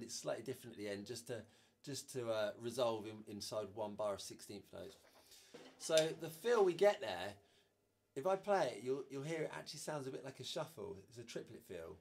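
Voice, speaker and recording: A man's voice: medium pitch, animated, a little fast, gravelly, darkish tone. Man teaching drums, counting beats aloud. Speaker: drum teacher. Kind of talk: instructional drum lesson.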